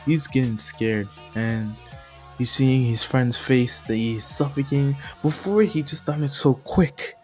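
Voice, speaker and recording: Male storyteller, unhurried, rambling, sighs and restarts, faint music bed. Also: mid-range voice, darkish tone. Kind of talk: casual retelling of a fan story.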